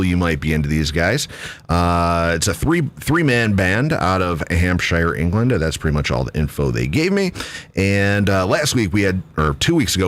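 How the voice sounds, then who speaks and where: A man's voice: sits low, fairly bright tone. A man hosting a talk radio show, chatting loosely, cursing and joking at his own expense. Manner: loose, cursing, self-mocking banter. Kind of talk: casual talk radio chat.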